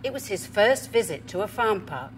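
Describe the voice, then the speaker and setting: A woman gently reading a children's story aloud. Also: medium pitch, sing-song, normal speed, a little hiss or hum.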